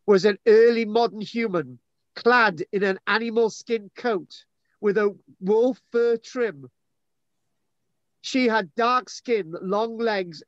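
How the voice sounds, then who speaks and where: A man's voice: sits high, a bit bright, no echo. A man hosting a live chat, teasing and rambling as he reads an article aloud. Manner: teasing, rambling, self-mocking. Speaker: host. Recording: dull lo-fi sound.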